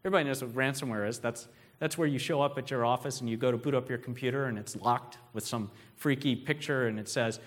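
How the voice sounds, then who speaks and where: A man's voice: mid-range voice, quick pace. A man giving a conversational keynote talk, telling stories and putting questions to the audience. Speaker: speaker. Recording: long hall reverb.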